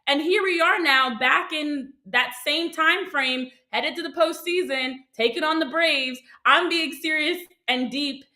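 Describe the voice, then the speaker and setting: A woman co-hosting a casual sports show, upbeat and quick to laugh. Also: sits high, sharp tone, reverberant, rough recording.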